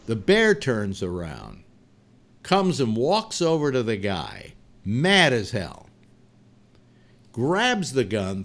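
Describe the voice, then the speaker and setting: A man hosting a live talk show, telling a long joke in a rambling, animated way with restarts. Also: medium pitch. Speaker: host.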